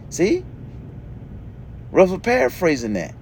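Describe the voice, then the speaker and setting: In a slightly high, sing-song and mellow voice, a man teaches a sermon at a moderate pace, a bit of hiss or hum audible. He reads scripture aloud and then explains it emphatically, with "okay?" after nearly every point.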